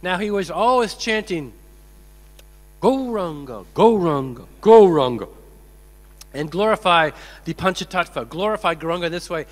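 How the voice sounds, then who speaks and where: A man giving a sermon as a swami, telling stories in an animated way and acting out the quotes. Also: high-pitched, fairly quick, few pauses. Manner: animated, acts out quotes, laughs. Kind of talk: sermon with storytelling. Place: temple hall. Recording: echoey hall with mains hum.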